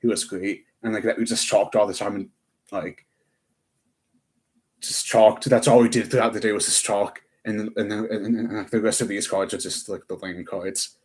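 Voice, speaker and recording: A man's voice: fairly low pitch, steady tone, moderate pace. A young man chatting on a live stream, rambling with lots of fillers and restarts. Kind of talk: casual live-stream chat.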